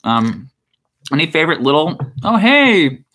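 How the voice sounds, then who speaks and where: A young man hosting a casual livestream Q&A, chatty and animated, reading viewer comments aloud and laughing often. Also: fairly high pitch, a little slow. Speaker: show creator and host.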